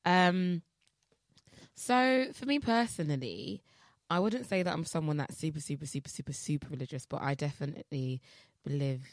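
A woman's voice: low voice, lively intonation, moderate pace, dry recording, studio quality. A young woman co-hosting a podcast in casual chat, rambling with many fillers and restarts. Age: young adult. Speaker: podcast co-host.

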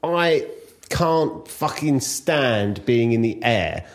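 A man hosting a casual chat, asking questions in a jokey, animated way with some swearing. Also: medium pitch, very slow.

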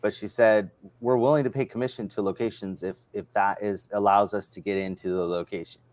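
Low-voiced man hosting a casual livestream. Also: steady tone, fairly quick, darkish tone. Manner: rambling, retells stories in quoted dialogue. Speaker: livestream host. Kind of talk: casual chat.

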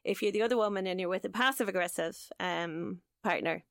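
A woman co-hosting a podcast, chatty and explanatory. Her voice sits in a middle pitch, close to a dry mic. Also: a little fast, dry recording. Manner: chatty, acts out scenarios. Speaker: podcast co-host. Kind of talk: casual discussion.

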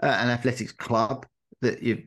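A man's voice: mid-range voice, flat delivery, normal speed, a bit bright. Man asking hesitant casual questions. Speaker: podcast host. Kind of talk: casual interview chat.

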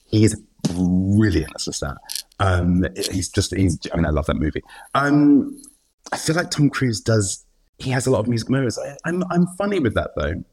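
A husky, lowish-voiced man, an actor appearing as a guest, talks at normal speed in a casual interview. His manner is animated and full of laughs, with frequent restarts and acted-out quotes.

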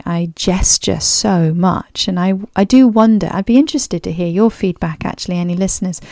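In this reflective solo podcast monologue, a woman with a clipped, slightly posh English accent thinks aloud, often saying um and starting over. She was raised abroad as a third culture kid, and her voice is low, gravelly and warm. The sound is dry and studio quality.

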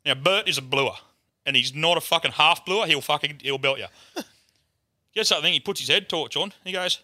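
A man's voice: on the high side, moderate pace, pushed and bright, dry recording, studio quality. An Australian man telling a rowdy story in casual chat, swearing freely and acting out the voices of the people in it. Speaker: guest.

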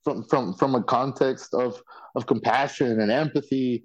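A man's voice: mid-range voice, normal speed. Effusive man, dull lo-fi audio. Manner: effusive, excitable, loose and profane. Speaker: reality show alumnus guest. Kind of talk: casual podcast chat. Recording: dull lo-fi sound.

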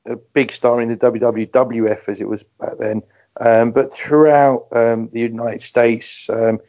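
A man's voice: medium pitch, fairly even intonation, measured pace, mellow. A man co-hosting a podcast, speaking hesitantly with many fillers in a respectful tone. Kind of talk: casual podcast chat. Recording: slightly muffled audio.

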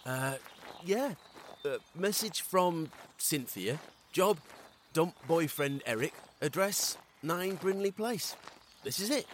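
A man's voice: a little high, expressive, slow pace, slight background noise. Dry, sarcastic man. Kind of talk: comedy sketch acting.

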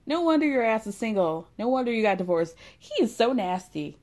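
A woman recapping a story in casual chat, animated and gossipy, laughing often. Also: on the high side, normal speed.

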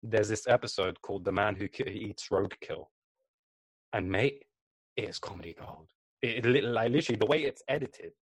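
A man's voice: on the low side, normal speed, slightly rough, dry recording, low-quality recording. A man hosting a casual podcast chat, telling a story with lots of laughter and swearing.

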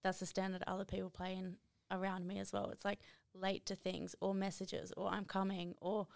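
Upbeat young woman with a gravelly edge. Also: medium pitch, moderate pace, no echo. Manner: energetic, emphatic, many fillers like "like". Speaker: podcast guest, running coach and motivational speaker. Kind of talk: casual podcast chat.

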